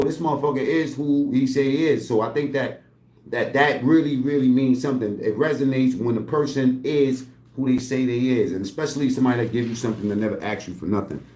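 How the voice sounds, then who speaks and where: A man's voice: mid-range voice, darkish tone. A man talking loosely and streetwise in a rambling home vlog, swearing often and drifting between asides. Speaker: channel host. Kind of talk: casual rambling vlog talk. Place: at home, indoors. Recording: echoey room.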